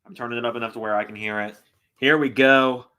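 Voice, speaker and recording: Bright-voiced man swearing through a live reaction. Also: mid-range voice, steady tone, fast, clean tone. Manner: swearing, exasperated, loud outbursts. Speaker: host reacting live to wrestling. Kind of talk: live reaction stream chat.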